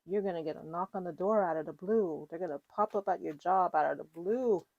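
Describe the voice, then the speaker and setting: A woman's voice: on the low side, a little fast, creaky, a little mellow, dry recording, highs cut off. A woman giving a casual, rambling tarot reading to her viewers, full of fillers and restarts. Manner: chatty, rambling, with fillers and self-corrections. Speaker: tarot reader.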